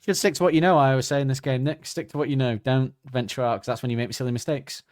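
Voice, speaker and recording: A man's voice: mid-range voice, fairly even intonation, fast talker. A man co-hosting a comedy podcast in casual chat, who jokes, laughs often and acts out characters. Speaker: podcast co-host.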